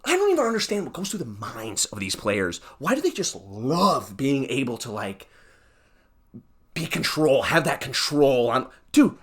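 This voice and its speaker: A young male podcast host rants alone to the mic, heated and exasperated. His pitch leaps around wildly from low grumbles to high squeaks. Sarcastic asides keep cutting into the tirade. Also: fairly bright tone, breathy edge. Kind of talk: ranting solo podcast.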